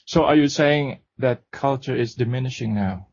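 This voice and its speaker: A man's voice: medium pitch, normal speed, creaky, darkish tone, no room sound. A man hosting a radio interview, asking questions hesitantly with many fillers. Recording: dry, dull lo-fi radio recording.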